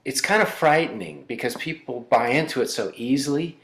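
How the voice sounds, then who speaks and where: A man talking as a guest in casual interview chat, halting and rambling with many fillers. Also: mid-range voice, vocal fry, a bit bright, reverberant. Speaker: musician guest.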